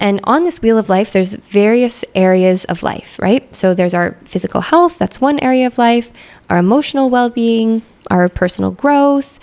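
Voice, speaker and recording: Chatty woman with a gravelly edge. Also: medium pitch, darkish tone. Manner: chatty, many "like" and "right?" fillers. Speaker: podcast host and coach. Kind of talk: casual guided reflection.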